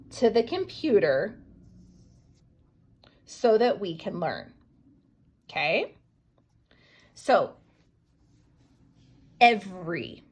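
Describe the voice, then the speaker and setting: A woman teaching a young class to write a sentence, slowly sounding out each word, syllable and letter and often dropping to soft, half-whispered phonics sounds. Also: medium pitch, sing-song, slightly rough, dull audio. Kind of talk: early-grade writing lesson, sounding out words.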